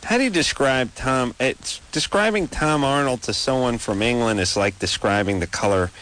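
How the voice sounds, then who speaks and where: A man's voice: medium pitch, normal speed, a bit bright. A man hosting a late-night radio talk show, rambling and joking sarcastically through casual banter with his guests.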